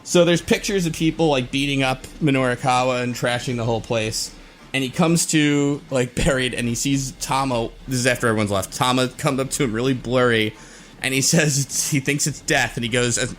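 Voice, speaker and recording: A man at a middling pitch co-hosts a podcast. He gives a loose, rambling recap from his notes. He keeps breaking into small chuckles. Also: a little fast, a bit bright, slight background noise. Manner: rambling, with many fillers and restarts and frequent chuckles. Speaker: podcast co-host.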